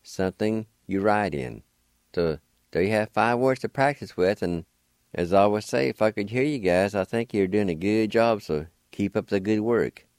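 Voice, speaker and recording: In this dry, studio-quality recording with a clean tone, a middle-aged man speaks in a somewhat low, animated, slightly mellow voice. He's giving a slow, deliberate vocabulary lesson on the radio, taking his time and spelling every word letter by letter.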